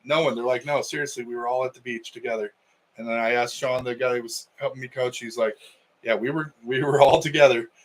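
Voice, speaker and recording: A man's voice: medium pitch, fairly even intonation, fairly quick, rough recording. A middle-aged man, a wrestling coach co-hosting a podcast, telling a story in casual chat and acting out the quotes.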